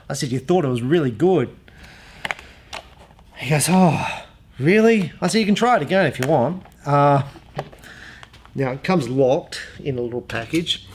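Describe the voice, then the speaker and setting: A man's voice: mid-range voice, a little hiss or hum. A man who runs an archery shop, casually demonstrating an arrow rest and rambling through customer stories. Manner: chatty, rambling storyteller. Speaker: archery shop owner reviewing gear. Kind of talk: casual product demo.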